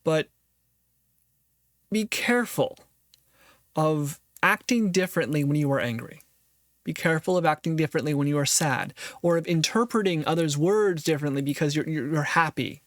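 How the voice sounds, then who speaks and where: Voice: mid-range voice, expressive, moderate pace, no echo. A podcast host giving earnest, reflective solo commentary on a philosophy text, thinking aloud and restarting phrases often.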